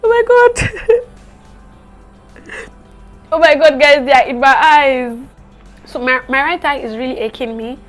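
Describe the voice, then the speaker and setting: A woman's voice: high voice, steady tone, moderate pace, a bit bright, faint music behind. A young woman, chatting expressively and dramatically to camera as a beauty vlogger. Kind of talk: casual vlog talk to camera.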